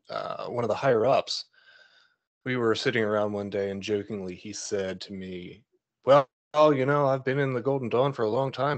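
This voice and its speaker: A man on a podcast, talking casually and hesitantly with lots of "like" and "you know.". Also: on the low side. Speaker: podcast co-host.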